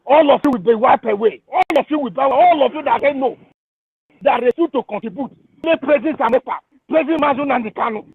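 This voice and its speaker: A man with a Nigerian English accent, calling in and ranting in fury, shouting and hurling repeated insults. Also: very high-pitched, fast talker, breathy edge, no echo. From Igbo region of Nigeria. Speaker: caller. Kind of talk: angry call-in rant. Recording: tinny phone line.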